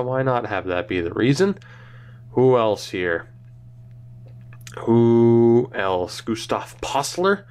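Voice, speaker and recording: Young guy rambling thru game commentary, voice bouncing all over, jokes at himself. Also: mid-range voice. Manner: rambling, self-mocking, thinks aloud while reading names. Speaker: gaming channel host. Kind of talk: casual gameplay commentary.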